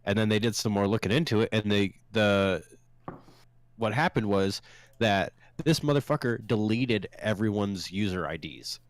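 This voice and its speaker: A man's voice: fairly low pitch, normal speed. A man co-hosting a casual, profane podcast chat, telling stories and acting out angry callers. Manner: animated storyteller, acts out angry callers. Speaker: podcast co-host.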